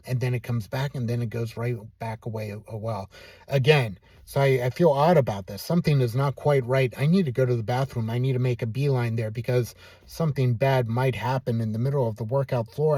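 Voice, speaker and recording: A man calmly telling a self-deprecating personal story in a casual vlog. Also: medium pitch, slightly rough, dry recording. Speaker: vlogger.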